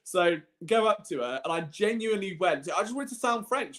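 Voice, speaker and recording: A man's voice: high-pitched, animated, brisk, hardly any pauses, fairly bright tone. A young man, co-hosting and telling self-mocking stories in casual chat. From England. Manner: self-deprecating storyteller, laughs often. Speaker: co-host.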